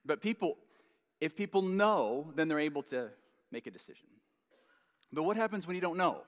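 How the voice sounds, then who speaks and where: A man preaching a sermon as pastor, earnest, repeating key phrases and dropping to a hush at the ends of lines. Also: fairly high pitch, expressive, normal speed, big-room sound. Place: church sanctuary.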